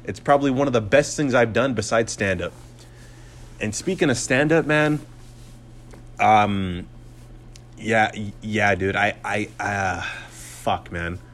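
A man's voice: fairly low pitch, slow pace, long pauses, fairly bright tone, a little hiss or hum. A man in his twenties hosting his own podcast, talking in a profane, sarcastic, rambling rant full of fillers and restarts. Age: 20s. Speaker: podcast host and comedian.

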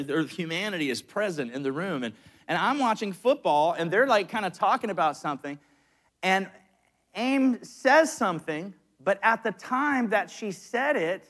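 A man with a notably high voice preaches to his congregation. He is in middle age and tells personal stories in an animated way, full of quick asides and restarts. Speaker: pastor.

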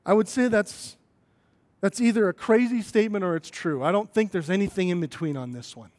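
A man's voice: high-pitched, a little fast, darkish tone. A man preaching a sermon as pastor, talking conversationally and then building to emphatic, rising points.

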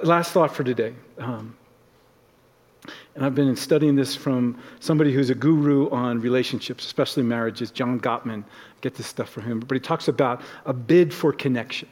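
A man's voice: a little high, darkish tone, long reverb tail. A man preaching a sermon as a pastor in his church, talking conversationally and acting out short everyday exchanges. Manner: conversational, acts out little example dialogues.

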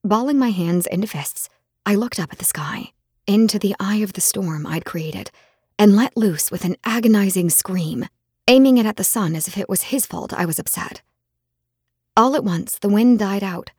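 A woman narrating a fantasy romance audiobook in the first person, expressive and heated in dialogue. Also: mid-range voice, normal speed, slightly rough, no room sound, clean studio sound.

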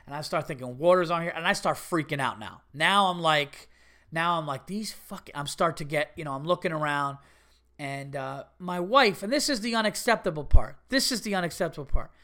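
A man telling a story on his podcast in a loose, conversational way. He curses freely, and his voice swings up into sharp, indignant outbursts before dropping back to an easy, chatty tone. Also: a little high, a little fast. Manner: animated, swearing, rising to indignant bursts. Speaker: podcast host. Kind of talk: casual storytelling monologue.

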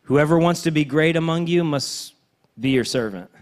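A man preaching a sermon as pastor, conversational and animated, swinging between loud emphatic runs and hushed, intense stretches. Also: on the high side, normal speed.

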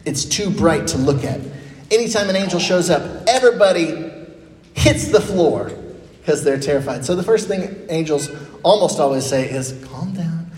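A man preaching a sermon in a lively, conversational way, acting out quotes with playful energy. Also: a little high, normal speed. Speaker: pastor. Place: church sanctuary. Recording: echoey church hall with faint noise.

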